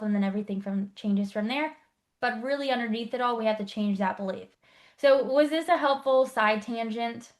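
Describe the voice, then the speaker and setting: A woman life coach teaching an online workshop, explaining briskly and checking in with rhetorical questions. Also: on the high side.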